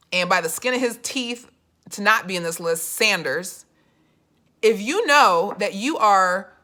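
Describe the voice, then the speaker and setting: A young woman with a bright, clear voice vlogs about politics in a loose, chatty way. She tells her story with lots of "you know" and jumps into quoted voices as she goes, then comes back to firm, pointed commentary. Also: mid-range voice. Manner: animated storytelling, acts out quoted voices, many fillers. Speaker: political vlogger. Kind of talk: casual political commentary vlog.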